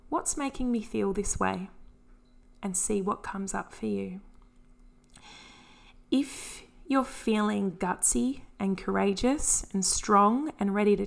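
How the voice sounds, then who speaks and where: Gentle gravelly-voiced woman podcaster. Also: medium pitch. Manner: gentle, encouraging, earnest. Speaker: podcast host. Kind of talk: solo podcast talk on anxiety and self-care.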